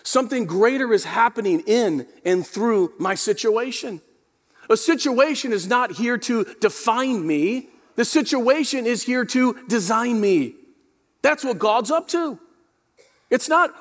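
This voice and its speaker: A man's voice: high-pitched, normal speed, big-room sound. A male pastor preaching a sermon, asking his listeners questions and calling on them to answer. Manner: preaching with rising intensity, rhetorical questions, calls to the congregation.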